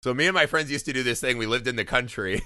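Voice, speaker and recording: A man in his thirties from Indiana, co-hosting a podcast and telling a story in animated, profane casual chat. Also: mid-range voice, quick pace, dry recording, studio quality. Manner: animated storytelling, heavy swearing, laughing. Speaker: podcast co-host.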